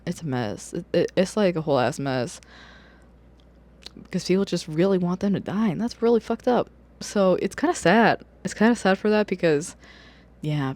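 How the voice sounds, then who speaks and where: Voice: mid-range voice, darkish tone. A book vlogger in casual review chat, talking loosely with lots of fillers, swearing and bursts of laughter. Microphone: camera or phone on a wobbly stand.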